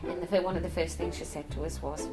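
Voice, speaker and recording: Speaking fast in a low voice with fairly even intonation, this middle-aged woman from Northeast England talks candidly about being a palliative care nurse. It's a documentary interview of personal storytelling, warm and occasionally emotional, with loud music behind her and poor audio.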